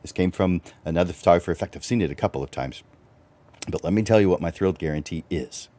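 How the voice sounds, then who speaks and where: A very deep, mellow-toned middle-aged man who hosts a livestreamed coaching talk. He is animated and chuckles often, his pitch leaping upward whenever he stresses a point. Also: fast. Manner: animated, chuckling, swings up for emphasis. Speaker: host and photographer.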